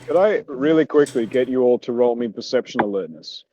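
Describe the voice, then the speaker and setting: A man running a tabletop game as game master, calmly narrating the scene with a few fillers. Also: medium pitch, a little fast, slight background noise. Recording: dull lo-fi mic.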